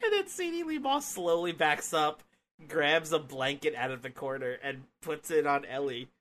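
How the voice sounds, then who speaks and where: Bright-voiced man hosting a wrestling chat. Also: on the high side, moderate pace. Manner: relaxed, filler-heavy play-by-play. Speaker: podcast host. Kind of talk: casual wrestling review chat.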